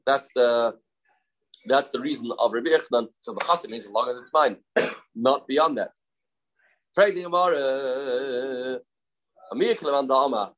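A man's voice: medium pitch, rough recording. A man teaching a Talmud lesson step by step, repeating his key points and mixing Aramaic and Hebrew terms into his English.

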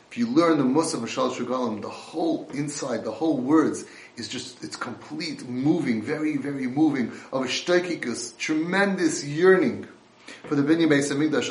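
A man giving an impassioned sermon, swinging between hushed and loud delivery. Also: mid-range voice. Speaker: religious speaker. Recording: roomy echo.

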